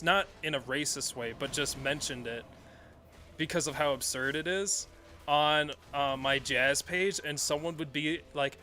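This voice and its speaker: A man's voice: on the high side, pushed and bright, a little hiss or hum. A man streaming a video game, chatting casually in a rambling, self-correcting way and swearing often. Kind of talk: casual live-stream commentary while playing.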